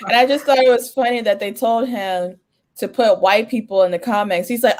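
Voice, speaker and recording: A woman's voice: on the high side, fairly quick. A young woman co-hosting a podcast, chatting casually with restarts and frequent laughter. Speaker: podcast co-host.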